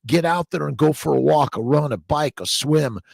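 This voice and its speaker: A man with a gravelly, creaky voice hosts a casual livestream, reading viewer comments aloud and greeting people by name. His talk is rambling and upbeat, full of repeated catchphrases and restarted words. The sound is dry and close, with no room around it. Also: on the high side, normal speed, no room sound. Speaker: livestream host.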